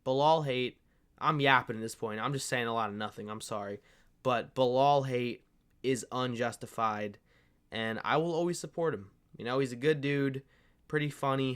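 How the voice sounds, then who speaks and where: A man's voice: medium pitch, a bit bright, smooth. A man hosting a fight-sports commentary channel, ranting casually in a profane, fired-up, rambling way and calling his viewers "bro". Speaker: MMA commentary channel host. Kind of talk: casual opinion rant.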